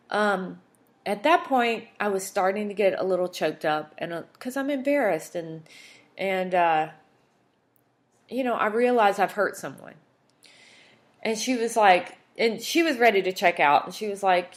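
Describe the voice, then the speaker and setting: A woman's voice: medium pitch, animated, slow pace, pauses often. A woman hosting a podcast, telling a personal story in a candid, emotional, chatty way. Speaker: podcast host.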